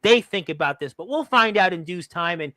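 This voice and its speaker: High bright guy rambling through his radio show, lots of ums. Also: expressive, fairly quick, no echo. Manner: rambling, many "um" fillers. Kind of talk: online radio talk show hosting.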